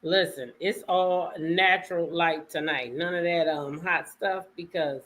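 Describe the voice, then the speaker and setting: A woman hosting a casual live stream, greeting her viewers by name and chatting with them, her voice a little hoarse. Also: low-pitched, takes it slowly, a bit bright. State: voice a bit hoarse. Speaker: livestream host.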